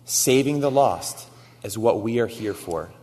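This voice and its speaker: A man's voice: on the low side, animated, a little slow, a little mellow. A man preaching a sermon, telling a story with quoted dialogue and building to emphatic exhortation. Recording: long hall reverb.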